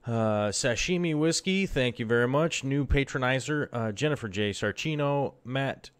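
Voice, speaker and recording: A man's voice: mid-range voice, expressive, normal speed, clear, resonant tone. A man casually hosting a live stream, rambling in a laid-back way with lots of fillers.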